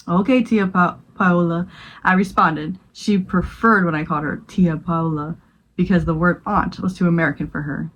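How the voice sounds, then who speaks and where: Low-voiced woman reading a spooky story. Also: rough recording. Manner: stumbles over words and laughs at her own slips. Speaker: podcast co-host. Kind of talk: reading a short horror story aloud.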